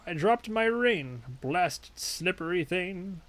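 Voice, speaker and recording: A man voicing a frail, forgetful old male widower, speaking slowly and haltingly. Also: high-pitched, expressive, a bit bright, full character voice. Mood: wistful. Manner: slow, halting and wistful.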